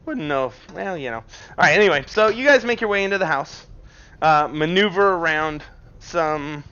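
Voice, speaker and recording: Laughing, swearing game-master man, bright voice. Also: a little high, expressive, moderate pace, smooth. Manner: laughs often, swears casually. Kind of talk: narrating a tabletop game. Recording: dull lo-fi mic.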